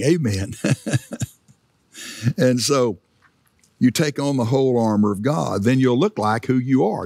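A man's voice: medium pitch, gravelly, a little mellow, no echo, clean studio sound. A middle-aged male pastor giving a sermon in a church, in a conversational preaching style with frequent fillers and restarts.

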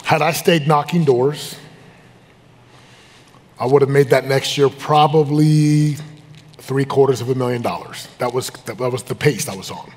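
A man giving a live motivational talk as a business coach, intense and emphatic, swinging between loud pushes and hushed, low confessions. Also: unhurried, long pauses. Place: event room with a live audience. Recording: long reverb of a large hall.

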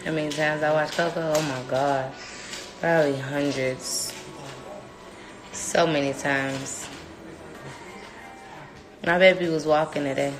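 A young mother chatting casually in a home vlog, coaxing her toddler in a sing-song voice and giving relaxed updates to the camera. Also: sits low, slow pace, long pauses, over music. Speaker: mother and vlogger.

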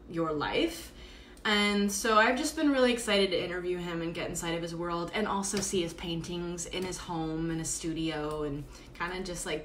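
A woman's voice: fairly low pitch, a bit bright, slight background noise. An exhausted woman hosting a live stream from home, chatting in a rambling way with plenty of fillers. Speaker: podcast host doing a live stream. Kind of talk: casual live-stream monologue. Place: at home, indoors. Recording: roomy echo, faint background ambience.

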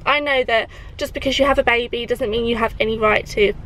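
A woman's voice: a little high, fairly even intonation, fairly quick, fairly bright tone, low-quality recording. A young woman and mother chatting candidly to camera in a casual vlog, with rambling asides. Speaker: vlogger and mother.

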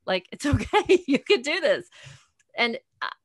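A woman's voice: sits high, very animated, unhurried, husky, dry recording. A woman in her forties, an author guest in an interview, talking animatedly, acting out bits of dialogue and laughing often. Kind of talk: conversational interview.

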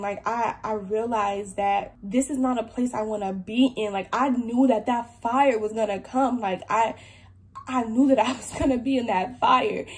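A young adult woman earnestly telling a personal testimony, filling her speech with "like". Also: a little high. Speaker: believer sharing a testimony.

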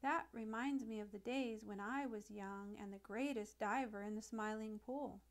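A cheerful old male frog from a children's storybook, speaking in a deep, gruff way, as a woman reader puts him on. He teases his young friends with sly good humor. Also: normal speed, close to an everyday voice. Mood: nostalgic.

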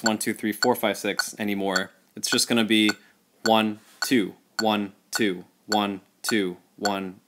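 A man's voice: medium pitch, fairly bright tone. Man explaining rhythm counting patiently. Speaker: music teacher. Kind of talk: casual online music lesson.

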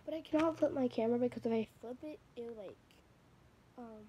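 A woman chats through a reaction video at home, rambling and gushing over what she watches. Her voice sits high but mellow, recorded on a phone with a faint hum of background noise. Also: fairly quick, dull audio. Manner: rambling, chatty, gushing and emotional. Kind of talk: casual reaction vlog. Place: at home in front of a TV. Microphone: phone camera.

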